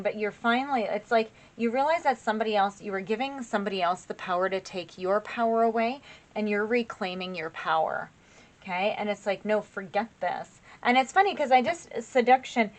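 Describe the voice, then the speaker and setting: Woman, tarot reader, casual spoken reading, chatty, encouraging, mid pitch. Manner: chatty and encouraging, addresses viewers as "you guys"; loose, with frequent fillers and restarts.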